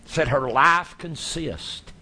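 A man preaching a sermon, telling his stories in a folksy, animated way. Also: fairly high pitch, takes it slowly, slightly rough. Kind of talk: sermon storytelling.

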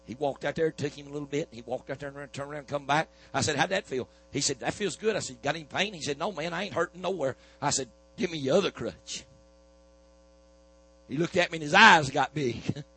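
A man's voice: a little high, brisk, sharp tone, husky, low-quality recording. A man preaching a sermon, telling a healing story in a folksy back-and-forth of "I said, he said". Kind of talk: sermon testimony.

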